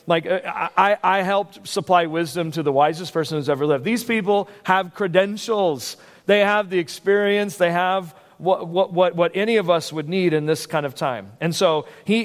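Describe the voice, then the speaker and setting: A male pastor preaching a sermon in a conversational, animated way, with frequent restarts and asides. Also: high-pitched, normal speed. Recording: long hall reverb.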